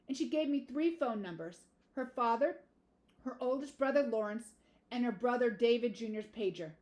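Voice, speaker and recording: A woman reading a first-person audiobook in a measured, plain way. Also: fairly high pitch, darkish tone. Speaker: audiobook narrator.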